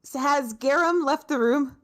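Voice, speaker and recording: A woman's voice: high-pitched, a little slow. A woman playing in a tabletop game, hesitant and giggly. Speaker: player. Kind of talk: casual tabletop play.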